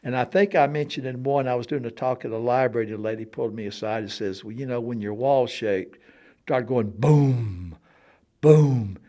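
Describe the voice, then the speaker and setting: A man telling a personal story in casual conversation, dropping to a hush and then booming out sound effects, laughing often. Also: brisk. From Alabama. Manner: animated, swings from hushed to loud for sound effects, laughs often. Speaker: storyteller guest on a talk show.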